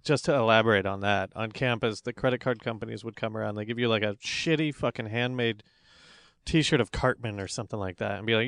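A man's voice: on the low side, a little fast, dry recording, studio quality. Blunt, profane man in casual chat. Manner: profane, blunt, animated storytelling. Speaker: podcast co-host.

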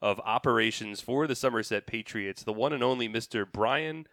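A man's voice: mid-range voice, normal speed, fairly bright tone, no room sound. Male podcast host, mid-range voice, friendly, asks questions, close dry sound. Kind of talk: casual interview.

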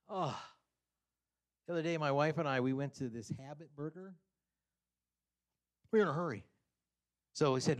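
A man giving a casual, humorous sermon, animated and often chuckling, acting out quotes with sudden high pitch jumps. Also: moderate pace, long pauses.

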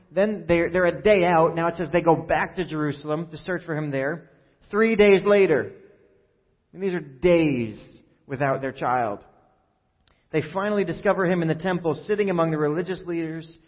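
A male pastor preaching a sermon in a conversational, joking way, acting out the quoted lines. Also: fairly high pitch. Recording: muffled sound with long hall reverb.

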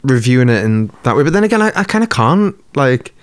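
A man's voice: medium pitch, sing-song, a little fast, clear, resonant tone, no room sound, studio quality. A man, co-hosting a casual chat, laid-back and sweary, laughing easily. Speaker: podcast co-host.

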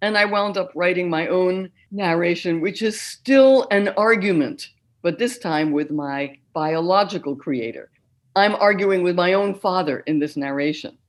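An older woman, a concert narrator, speaking clearly and deliberately as an interview guest. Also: fairly low pitch. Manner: clear, deliberate, articulate speech. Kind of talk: interview conversation.

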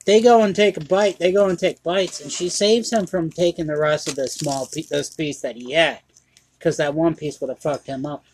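A man's voice: a little high, steady tone, normal speed, a little hiss or hum. A man co-hosting a casual podcast chat, telling a story in a rambling way, restarting his sentences and swearing. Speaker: podcast co-host.

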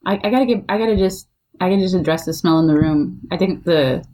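A woman's voice: fairly low pitch, quick pace, dark tone. A woman co-hosting a casual podcast, joking and playful, drawling out her asides. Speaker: podcast co-host. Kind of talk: casual chat.

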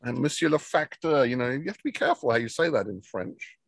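A man's voice: mid-range voice, big pitch swings, fast talker, vocal fry, a crowd in the background. A man co-hosting a podcast, chatting casually and trading dry jokes with his co-host. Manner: dry, joking banter. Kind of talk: casual chat. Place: outdoors near a camper van.

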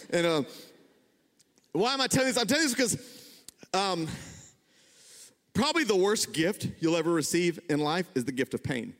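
Animated high-voiced preacher in a hall. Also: male voice, moderate pace. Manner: animated, self-deprecating, jumps in pitch when excited. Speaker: pastor. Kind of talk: sermon with storytelling. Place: church sanctuary. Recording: long hall reverb.

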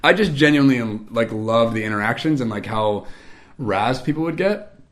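Animated man telling a rambling story. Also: mid-range voice, moderate pace. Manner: animated, rambling, self-mocking. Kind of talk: casual anecdote.

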